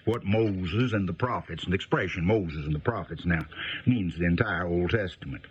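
A man teaching the Bible on the radio in a folksy, unhurried way, explaining with frequent pauses. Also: low voice, a little hiss or hum. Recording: dull lo-fi radio broadcast.

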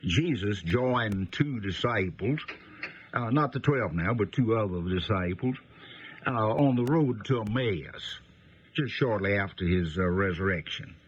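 A man giving a conversational Bible teaching, folksy and unhurried, pausing often with fillers. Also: on the low side, animated, lo-fi sound, a little hiss or hum.

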